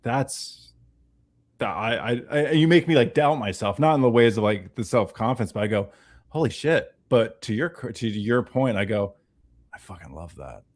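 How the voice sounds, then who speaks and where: A man on a casual livestream telling an animated story, acting out the voices of the people he quotes. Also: mid-range voice, moderate pace. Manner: animated storyteller who acts out quoted dialogue. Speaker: guest.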